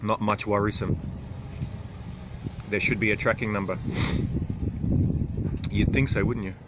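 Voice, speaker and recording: A man in his thirties hosting a casual livestream, reading out viewer comments with frequent chuckles and throat clearing. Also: fairly low pitch, steady tone, unhurried, heavy background noise. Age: 30s. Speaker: livestream host.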